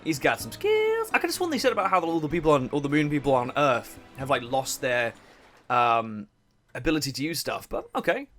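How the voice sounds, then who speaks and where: A young man giving casual, swearing, laughing commentary on a game he plays, and he keeps clearing his throat. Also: a little high, sing-song, brisk, fairly bright tone, soft background music. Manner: chatty, swearing, laughs a lot, self-interrupting. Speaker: let's play host.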